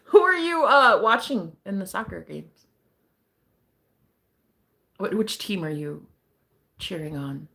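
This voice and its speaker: A young woman hosts a relaxed livestream and talks straight to her viewers. Her pitch jumps all over the place, and she keeps breaking into laughter. She swears now and then in a loose, chatty way. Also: slow, vocal fry, pauses often. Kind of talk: casual livestream chat.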